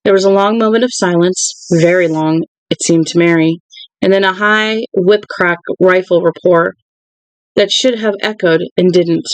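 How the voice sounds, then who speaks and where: A reader narrating a novel aloud in an even, unhurried way, with occasional restarts. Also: medium pitch, no room sound, poor audio. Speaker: audiobook reader.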